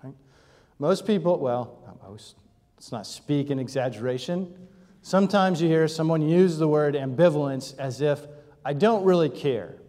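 A man with a somewhat high voice preaches a sermon in a relaxed, conversational teaching manner. He poses rhetorical questions and checks in with his listeners as he goes. His voice rings out with a long reverb, as if it fills a large hall. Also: normal speed. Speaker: pastor.

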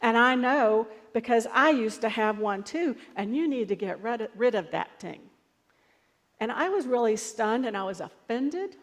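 A woman's voice: a little high, animated, moderate pace, big-room sound. A woman pastor giving a sermon in a conversational, storytelling way.

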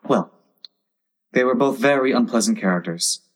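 A man's voice: medium pitch, moderate pace, close to an everyday voice. A man voicing a polite, curious young girl with a prim, earnest manner.

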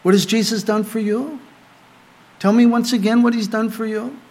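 A man's voice: sits high, steady tone, normal speed. Earnest middle-aged male pastor preaching. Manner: earnest preaching, rising emphatic then dropping to quiet asides. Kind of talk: sermon. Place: small group gathering.

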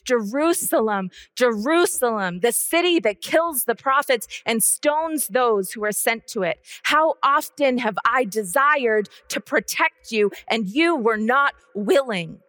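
A woman preaching a sermon with a measured, solemn, repetitive cadence. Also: on the high side, animated, fairly bright tone, no echo, studio quality.

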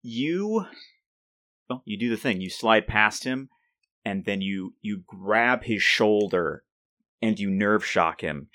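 Running a tabletop role-playing game, a male game master narrates in a fairly low voice with lively intonation and a sharp tone, halting and restarting often mid-description. The studio-quality recording has no room sound.

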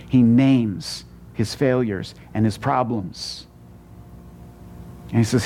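A man's voice: mid-range voice, takes it slowly, long pauses, slight background noise. Stammering, conversational male preacher. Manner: conversational with repeated stammered restarts; wide swings between loud emphatic and hushed lines. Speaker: pastor. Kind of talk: sermon.

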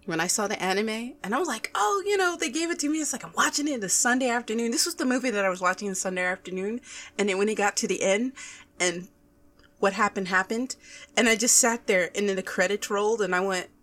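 A woman's voice: mid-range voice, fast talker. A woman co-hosting a podcast, chatting casually and acting out her own reactions as she tells stories. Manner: excitable, animated storytelling, acts out her own reactions. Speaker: podcast co-host. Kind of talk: casual chat.

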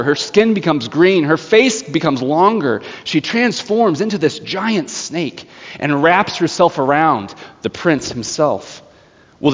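Animated male pastor in an echoing church. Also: on the high side. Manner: animated storytelling. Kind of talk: sermon. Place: church sanctuary. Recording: echoey church hall, slightly dull.

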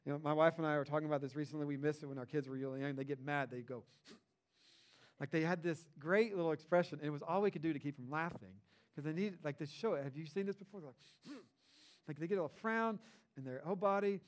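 Rapid-fire and high-pitched, a middle-aged male pastor preaches conversationally, animating a retold story with energetic emphasis on his points.

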